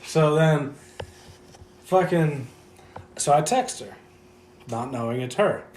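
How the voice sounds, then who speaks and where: A man's voice: a little high, lively intonation, takes it slowly, darkish tone. Young man laughing through a story. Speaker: podcast co-host. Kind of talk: casual chat. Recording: roomy echo, faint noise.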